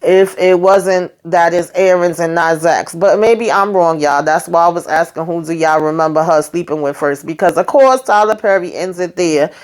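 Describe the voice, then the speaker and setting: Donna chiacchierona che racconta un episodio. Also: female voice, lowish voice, normal speed, hardly any pauses. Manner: chatty, slangy, addresses viewers directly; acts out characters' lines while retelling. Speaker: YouTube host. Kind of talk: casual TV episode recap.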